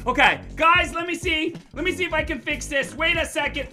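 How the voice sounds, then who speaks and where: A woman's voice: high voice, animated, fairly quick, few pauses, bright, forceful tone, soft background music. A woman presenting a playful online show for children, coaxing them to join in and talking straight to them. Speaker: kids' show presenter and magician. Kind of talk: lively online kids' workshop.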